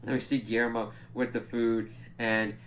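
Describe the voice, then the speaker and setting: Speaking at a normal speed in a mid-range voice with little pitch movement, this man recaps a TV episode in a relaxed, profane way. As a TV reviewer, he peppers his talk with fillers, especially "like."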